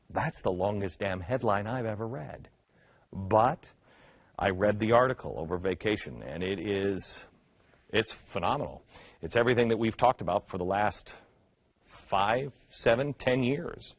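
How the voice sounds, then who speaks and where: Sarcastic male talk show host, husky. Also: a little slow, dry recording. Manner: sarcastic, mocking asides; animated, jumps up and down in pitch. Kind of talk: opinion commentary.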